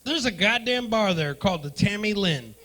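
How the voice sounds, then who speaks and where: A man doing profane stand-up comedy in a club, riffing loudly with the crowd. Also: high-pitched, lively intonation, moderate pace. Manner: loud, profane, riffing with the audience. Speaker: stand-up comedian hosting the night.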